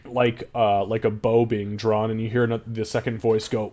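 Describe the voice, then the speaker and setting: A man's voice: fairly low pitch, little pitch movement, normal speed, few pauses, darkish tone. A man narrating as game master in a casual, profane way.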